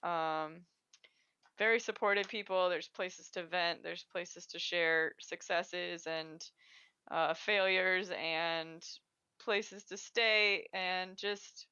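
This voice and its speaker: A woman's voice: lowish voice, fairly even intonation, slow pace, sharp tone, smooth, highs cut off. A woman co-hosting a casual livestream chat, rambling and laughing often. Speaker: co-host.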